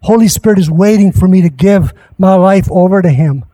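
A male pastor preaching a sermon at a church service, impassioned and rising at times to shouts. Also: sits high, a little fast.

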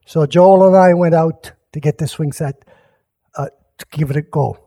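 Man, pastor, high voice, casual sermon, rambling, restarts sentences, talks to listeners. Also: normal speed, mellow. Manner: rambling, self-interrupting, chuckling asides to listeners.

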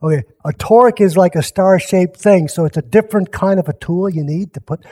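Man, pastor, high voice, casual sermon, rambling, restarts sentences, talks to listeners. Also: a little fast, warm tone, husky. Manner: rambling, self-interrupting, chuckling asides to listeners.

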